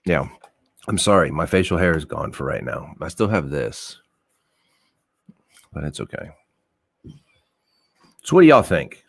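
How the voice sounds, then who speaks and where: A man's voice: low voice, big pitch swings, takes it slowly, creaky, long pauses, no room sound. A man hosting a casual livestream on a headset mic, rambling loosely, laughing often and swearing casually. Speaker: livestream host.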